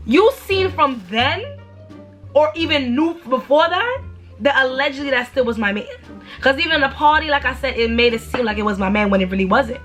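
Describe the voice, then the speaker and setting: A young woman telling a storytime in a blunt, animated, slangy way, with sudden high exaggerated outbursts. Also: brisk, soft background music. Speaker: storytime vlogger. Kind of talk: casual storytime rant.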